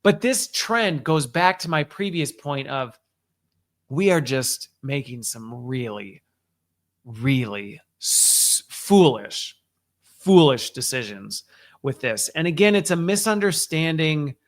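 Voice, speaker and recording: Guy doing a weekly update, chatty and emphatic, kinda high voice. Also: animated, unhurried, a bit bright. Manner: conversational, emphatic, frequent restarts and "like". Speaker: host of a weekly update show. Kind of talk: casual solo commentary.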